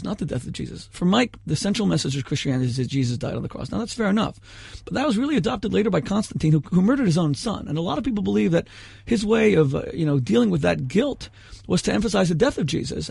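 A man's voice: on the high side, creaky, darkish tone, husky, dry recording. A man arguing his case in a heated debate, impassioned and rhetorical, often cutting in.

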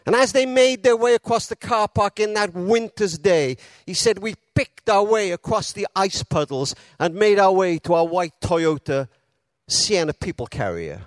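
A man delivers a sermon in a notably high voice. He tells his story with dramatic pauses and fills the quotes with feeling. The sound is dry, with no room echo. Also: lively intonation. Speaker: preacher.

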